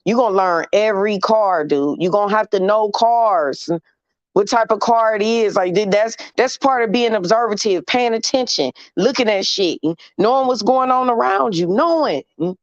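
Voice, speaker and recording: A woman's voice: medium pitch, moderate pace, no echo. Chatty woman telling a story, dry lo-fi sound. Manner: animated, swears freely, hums "mm" between phrases. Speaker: livestream host. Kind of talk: casual storytelling chat. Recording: dry, slightly dull lo-fi sound.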